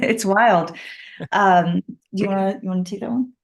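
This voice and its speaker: A woman guitarist answering interview questions in a relaxed, chatty way. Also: medium pitch, moderate pace, vocal fry.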